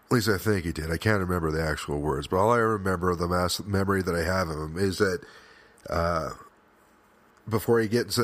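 A man hosting a podcast, talking earnestly in a personal, reflective monologue, with an emotional, halting delivery that often restarts. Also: deep voice. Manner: frequent restarts and fillers, swears at times. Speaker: podcast host.

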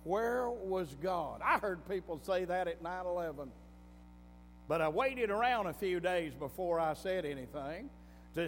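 A preacher delivers his sermon like a folksy story, his fairly high voice climbing into emphatic bursts. The voice rings through a hall with a long reverb while soft music plays underneath.

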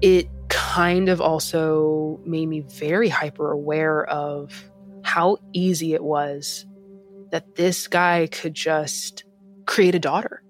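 A woman's voice: low-pitched, fairly even intonation, slow, soft background music. Frank, reflective woman. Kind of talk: reflective testimony.

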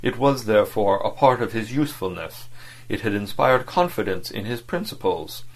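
Male audiobook narrator, lowish voice, measured and even. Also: poor audio. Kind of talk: scripted narration of a novel.

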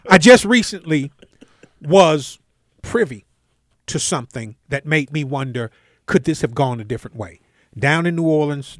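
A man with a high, bouncy voice that swings all over the place as he spins a comic story on a radio talk show. The sound is dry and close, with no room around it. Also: dry recording. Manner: animated storyteller, acts out voices. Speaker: co-host, comedian. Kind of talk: casual sports talk radio banter.

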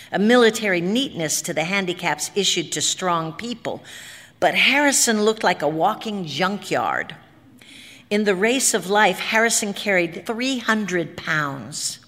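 A woman's voice: medium pitch, fairly bright tone. A woman reads a story aloud in a dramatic, vivid way. Her voice sits in a middle range. A long hall reverb trails behind every phrase. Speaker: narrator. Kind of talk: expressive story reading.

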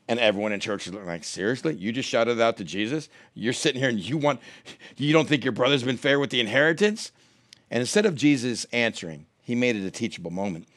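Animated man in his thirties preaching. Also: a little fast, no echo, clean studio sound. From United States. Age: 30s. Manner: animated storytelling, acting out quoted voices with big pitch jumps. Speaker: pastor. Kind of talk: sermon.

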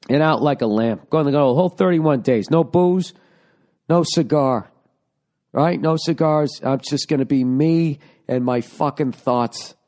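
This middle-aged man's voice runs on the high side and a little mellow as he hosts his podcast from home. The monologue is loose, sarcastic and sprinkled with swearing.

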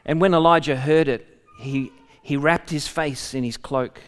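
A man's voice: on the high side, a little slow, big-room sound. A man preaching a sermon, reading a scripture passage aloud and breaking off for conversational asides to the congregation.

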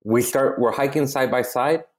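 A male comedian telling a story in a casual chat, animated and full of swearing, often restarting his sentences. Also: medium pitch, moderate pace. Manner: animated, profane, keeps restarting. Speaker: comedian guest.

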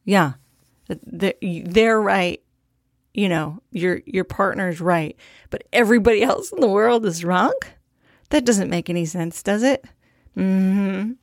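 A young woman hosts a podcast in a slow, casual monologue, candid, profane and self-deprecating. Her voice is medium-pitched, and the recording is dry and studio quality.

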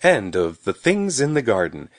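A man reads a children's story aloud with a lively, expressive voice of middle pitch. His delivery rises and falls a lot. The sound is dry and close. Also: normal speed, no room sound. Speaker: narrator. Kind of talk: storybook reading.

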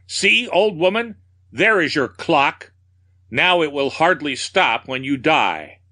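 A frenzied madman's voice, shrill and thin, shrieking loud curses high above the storyteller's own deep register, as a man acts him out. It rings sharp and forceful, every cry pushed hard and piercing. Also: expressive, slow pace, no room sound, studio quality, heavily acted. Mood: frenzied, raving. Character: raving madman shrieking at a clock.

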